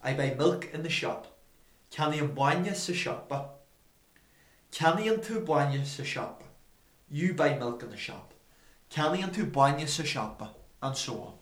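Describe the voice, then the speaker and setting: A man reading a scripted language lesson slowly and deliberately, repeating each example. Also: on the high side, expressive. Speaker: language teacher. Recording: roomy echo.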